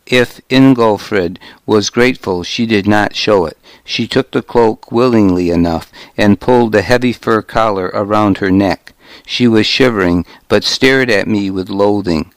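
Male audiobook narrator, measured first-person read; slow pace, dry booth sound. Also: on the low side, dry recording.

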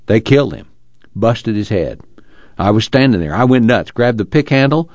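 A man voicing a hurt, weary young farmhand with a drawl, talking low and grim. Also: expressive, normal speed, darkish tone, no echo, lightly acted. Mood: shaken. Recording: muffled, dry.

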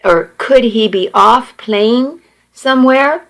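A man's voice: very high voice, takes it slowly, vocal fry, a bit bright, full character voice. A woman reading the lines of an anxious husband and father whose voice shakes. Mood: worried. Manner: strained, shaky.

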